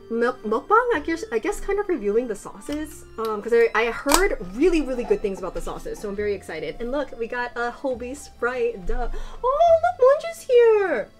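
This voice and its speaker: A young woman hosting a casual food vlog, chatty and excitable, breaking off and restarting her sentences. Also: fairly high pitch, normal speed, faint music behind. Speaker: vlogger host. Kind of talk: casual mukbang vlog chat.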